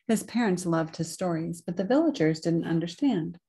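Woman reading a picture book slowly. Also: fairly low pitch, gravelly. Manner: slow, expressive read-aloud with sound effects. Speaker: storyteller at a church.

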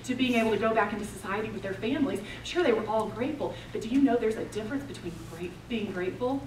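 A woman preaches with passion, swinging from loud declarations to hushed intensity. Her voice sits a bit high, and the mic is far from her. The sound rings in a roomy hall over faint background noise. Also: fast talker. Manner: impassioned storytelling, swings between loud and hushed. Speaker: women's retreat speaker. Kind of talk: sermon.

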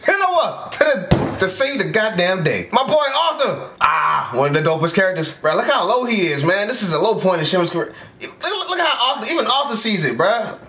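A man giving excited, casual reaction commentary, exclaiming often in slangy, profane talk. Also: high-pitched, brisk, roomy sound, a little hiss or hum. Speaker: anime reaction vlogger. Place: home room with orange background lights.

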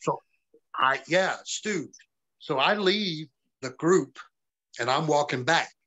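A man's voice: on the high side, lively intonation, slow pace, bright, forceful tone, rough recording. A man being interviewed as a former pro wrestler, telling stories bluntly and with plenty of swearing, often acting out what others said to him. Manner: profane, blunt, quotes others in dialogue. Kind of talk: casual storytelling interview.

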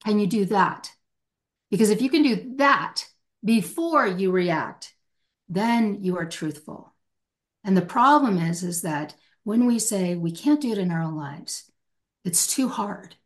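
A woman's voice: mid-range voice, expressive, unhurried. A middle-aged woman, a hostage negotiator as podcast guest, answering passionately and acting out quoted speech. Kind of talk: emphatic podcast interview answer.

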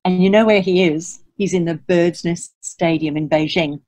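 A woman, a children's author, reading a picture book aloud to children as an animated storyteller, reciting rhyming verse and asking her listeners questions. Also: lowish voice, normal speed. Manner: reads rhyming verse in lively sing-song.

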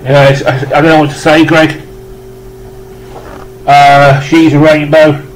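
British male vlogger, slightly raised pitch, effusive rambling unboxing chat, faint background noise. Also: level tone, measured pace, poor audio. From United Kingdom. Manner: rambling, effusive, joking asides.

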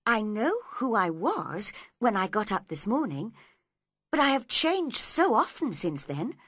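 A woman's voice: mid-range voice, very animated, a little slow, fairly bright tone, slightly rough, no echo, studio quality, heavily acted. A woman voicing a polite, puzzled young girl who talks earnestly and asks many questions.

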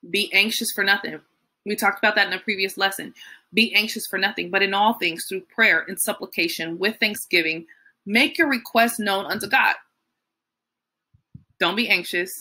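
A woman's voice: medium pitch, sharp tone. A young adult woman leading a youth Bible study in a casual, chatty way, full of fillers and acted-out quotes.

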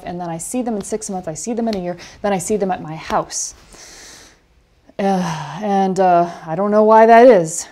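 A woman coaches a film class over a video call. She talks in an animated, storytelling way and breaks off into lively asides to her students. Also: medium pitch. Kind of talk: online class talk.

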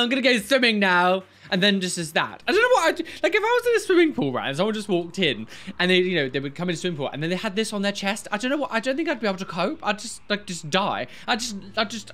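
A man hosting a reaction video, talking in an animated way with shocked outbursts and giggles, in a room of his new home. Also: sits high. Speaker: YouTube host reacting to tattoo fails. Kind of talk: reaction commentary.

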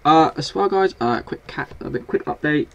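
A man giving casual, excitable commentary while playing a video game, scolding and swearing at the monsters on screen. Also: a little high, moderate pace, creaky. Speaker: gaming video host.

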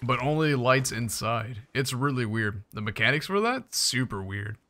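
A man's voice: mid-range voice, lively intonation, moderate pace, bright, forceful tone. A young man giving casual, playful commentary while playing a survival game, chatting to his viewers with jokey asides. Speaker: gaming YouTuber.

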